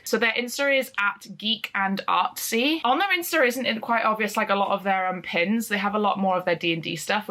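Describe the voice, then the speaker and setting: A woman's voice: medium pitch, pushed and bright. A young woman vlogging to camera, telling a story in a casual, chatty way, full of "like" and the odd swear word.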